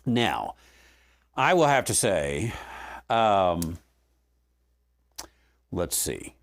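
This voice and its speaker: A male Bible teacher working through scripture in an unhurried, chatty manner. His pitch moves a lot as he reads verses and comments on them, with plenty of fillers and restarts. A dry humor comes through now and then. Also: sing-song.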